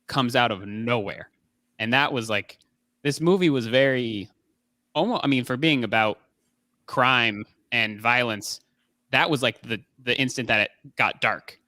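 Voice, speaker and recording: A man's voice: mid-range voice, measured pace, bright, forceful tone, no echo. A man co-hosting a movie podcast, talking casually with lots of fillers and restarts. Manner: rambling, many fillers and restarts. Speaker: podcast co-host. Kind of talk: casual movie review chat.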